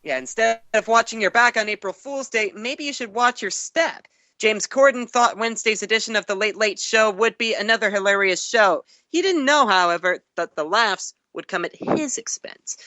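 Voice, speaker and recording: Calling in over the internet, an entertainment reporter co-hosting an online news show reads news items and follows them with wry quips. He speaks at a moderate pace in a high, bright, forceful voice, with no echo.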